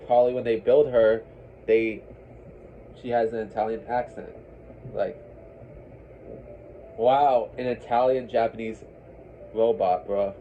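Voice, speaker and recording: A man's voice: medium pitch, steady tone, unhurried, long pauses, a little hiss or hum. A man hosting a let's play, reading game text aloud and chatting casually, stumbling over words and saying "bro" a lot. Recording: tinny phone-like lo-fi sound.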